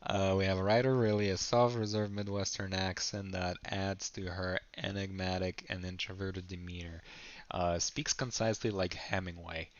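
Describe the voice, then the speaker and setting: A man's voice: sits low, flat delivery, normal speed, dull audio. A man reading an AI game prompt aloud, stumbling and laughing as he comments. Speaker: video creator.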